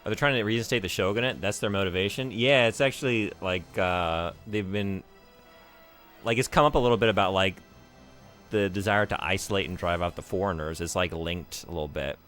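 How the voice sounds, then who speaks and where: A man's voice: sits low, brisk, a bit bright, soft background music. A man streaming a video game, chatting casually and joking around, rambling with lots of filler words. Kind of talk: casual gameplay commentary.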